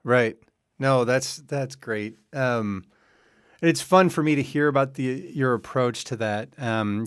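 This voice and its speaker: A man's voice: mid-range voice, clean tone, dry recording, clean studio sound. A man hosting a music podcast, chatting loosely and telling stories about his own songwriting. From United States. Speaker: podcast host. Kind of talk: casual interview talk.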